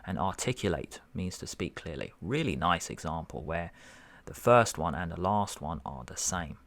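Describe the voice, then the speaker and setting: A man's voice: low-pitched, lively intonation, fairly bright tone. A man tutoring, working through a verbal reasoning test paper aloud and musing over each answer. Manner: musing, unhurried, self-correcting.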